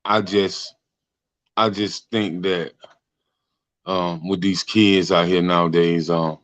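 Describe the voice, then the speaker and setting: Deep-voiced talk show host, hesitant. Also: male voice, fairly even intonation, slow, a bit bright, no room sound. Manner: hesitant, retells with "they was like". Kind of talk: casual conversation.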